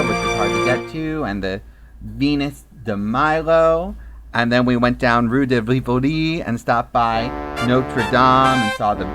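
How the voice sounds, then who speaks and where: A man hosting his own web series, telling comic travel stories in an animated, quip-filled way. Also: mid-range voice. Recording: roomy echo with music behind.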